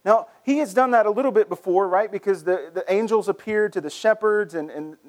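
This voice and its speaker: A man preaching a sermon as pastor, in a conversational, animated way, often repeating words as he starts a phrase. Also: high voice, brisk.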